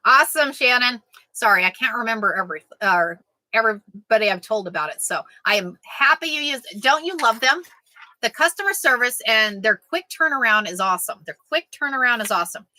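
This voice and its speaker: A quilting vlogger with a fairly high, sharp voice chats a little fast with lively intonation. In a casual live chat she jokes, reads out sayings and answers viewers, and the rough recording has no echo.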